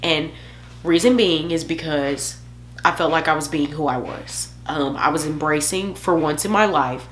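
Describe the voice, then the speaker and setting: A woman's voice: low-pitched, moderate pace, a little hiss or hum. A young woman vlogger telling a candid, emotional personal story, joking at her own expense.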